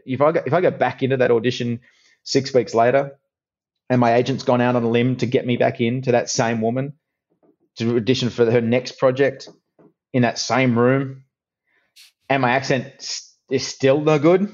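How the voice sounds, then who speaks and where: Middle-aged aussie guy chatting on a podcast, animated, lots of restarts, kinda dull lo-fi sound. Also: mid-range voice, moderate pace, pauses often. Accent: Australian. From Australia. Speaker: guest, actor and presenter. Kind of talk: casual podcast interview.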